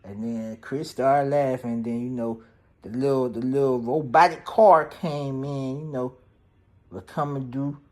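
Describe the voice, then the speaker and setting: A man's voice: medium pitch, steady tone, measured pace, darkish tone. A man casually recapping a movie's plot in a loose, profane, slang-heavy way, peppered with "damn, bro". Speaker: movie reviewer.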